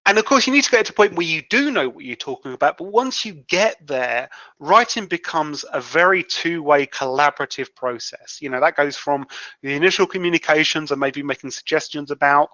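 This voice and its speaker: A man's voice: fairly high pitch, animated, fairly quick, bright, forceful tone, no echo. A man who is a guest freelance writer, explaining at length in a podcast interview and often restarting his sentences. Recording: dull lo-fi sound.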